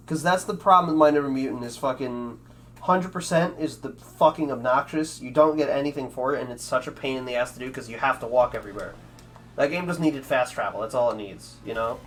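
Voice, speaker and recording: A man's voice: medium pitch, fairly bright tone, a little hiss or hum. A man streaming a speedrun, chatting offhandedly with his viewers and swearing freely as he rambles. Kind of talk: casual chat with stream viewers while gaming.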